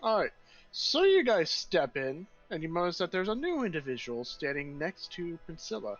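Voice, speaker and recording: A man narrating a tabletop game as game master, animated, voicing the characters in his story. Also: on the high side, normal speed, lo-fi sound, soft background music.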